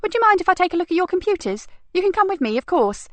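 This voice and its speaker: A woman voicing a keen young female detective constable, brisk and eager in a raised voice. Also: extremely high pitch, big pitch swings, no echo, pitched above the performer's own voice.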